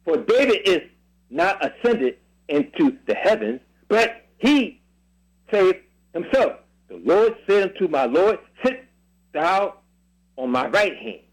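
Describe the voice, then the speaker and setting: Radio preacher, male, high lively voice, emphatic call-and-response scripture reading. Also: husky, rough recording. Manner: drawn-out emphatic phrasing, repeated questions. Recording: radio broadcast.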